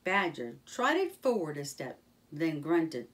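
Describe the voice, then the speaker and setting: Slow, expressive woman reading a storybook. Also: low voice, far from the mic. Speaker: children's story reader. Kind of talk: storybook read-aloud.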